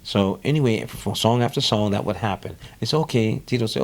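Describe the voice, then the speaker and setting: A man with a New Orleans accent speaks in a very deep, gravelly voice. He tells his story with energy, often repeating words, and briefly slips into the voices of the people he quotes. This is a relaxed interview-style conversation. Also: a little fast. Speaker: guest musician.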